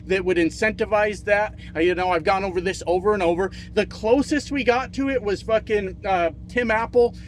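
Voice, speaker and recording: A man's voice: sits high, normal speed, few pauses, slight background noise. A man giving a profane, heated political rant as a trucking video creator, repeating himself for emphasis. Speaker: trucking YouTuber.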